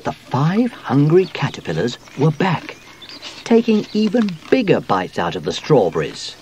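A man reading a children's storybook aloud, with a slow, expressive delivery. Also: a little high, a little hiss or hum. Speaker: audiobook narrator.

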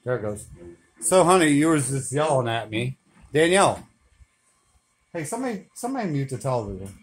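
A man's voice: on the high side, very animated, fairly quick. Laughing, swearing man in his forties. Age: 40s. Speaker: filming his girlfriend at home. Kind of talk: casual home video.

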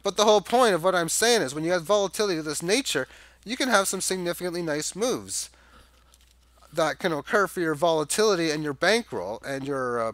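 A man's voice: a little high, fairly bright tone, dry recording. Rambling man talking charts. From Canada. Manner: rambling, thinks aloud with fillers and restarts. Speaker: crypto chart analyst. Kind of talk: casual chart walkthrough commentary.

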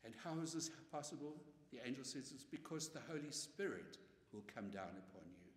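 A man's voice: medium pitch, brisk. A man, a priest, giving a conversational Bible lecture and often tagging his points with "eh?". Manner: animated, conversational, tag questions with "eh". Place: church or parish hall. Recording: echoey hall from far off.

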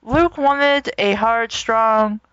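A woman hosting a comedic reading of bad fan fiction. She reads in a flat, businesslike way, keeps stopping to comment, and breaks into giggles. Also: on the high side, extremely slow, clean tone, dull audio.

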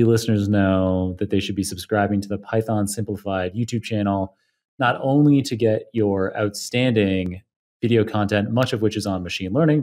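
A man hosting a podcast interview, appreciative and measured as he thanks his guest and asks questions. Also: on the low side, a little mellow. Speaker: podcast host.

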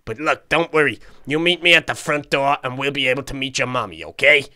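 A man voicing a calm adult male bodyguard in a block-game role-play, reassuring and hesitant, often repeating words. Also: medium pitch, fairly quick, clear, resonant tone, faint music behind.

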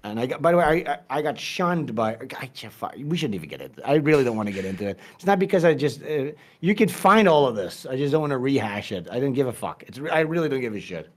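A man's voice: mid-range voice, big pitch swings, fast, hardly any pauses. A man telling a story as a podcast guest, casual, profane and rambling, with many restarts.

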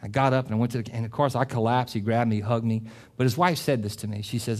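A middle-aged man preaching a sermon as pastor. He talks with passion, often repeats and restarts phrases, and climbs to loud, emphatic peaks. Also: fairly low pitch, steady tone, fast. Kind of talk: sermon with closing prayer.

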